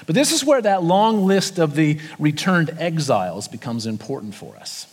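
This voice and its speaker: A man's voice: on the high side, very animated, moderate pace, breathy edge, in a large hall. A man with an Australian accent preaching a sermon in a church in a conversational way, sometimes acting out the voices of people in the story. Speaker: senior pastor. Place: church auditorium.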